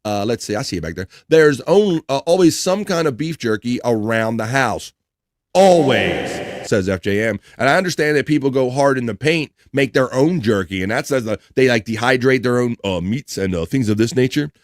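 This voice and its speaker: A man hosts a relaxed live stream, chatting loosely, reading trivia and chat messages aloud. He jokes often, trips over hard words and swears when he fumbles. His voice is recorded close and dry, with no room sound. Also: medium pitch, a little fast, hardly any pauses, dry recording. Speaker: livestream host.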